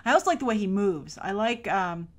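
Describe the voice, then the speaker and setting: A woman's voice: medium pitch, animated, fairly quick. A woman hosting a film review show, casually breaking down a trailer with chatty, rambling enthusiasm. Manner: chatty and rambling, many "like" fillers; enthusiastic fan gushing.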